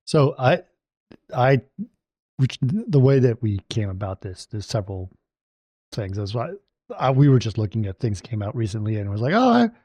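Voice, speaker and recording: A man's voice: lowish voice, moderate pace, long pauses, no echo. A man hosting a casual film podcast, telling anecdotes and acting out what others said. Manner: animated storyteller, mimics others' quotes. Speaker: podcast host.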